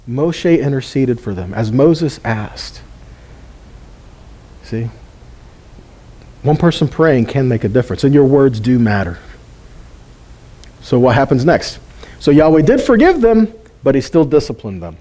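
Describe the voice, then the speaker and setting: A man's voice: fairly high pitch, mellow. A man giving an informal sermon teaching, conversational and full of rhetorical questions and chuckling asides. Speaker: Bible teacher.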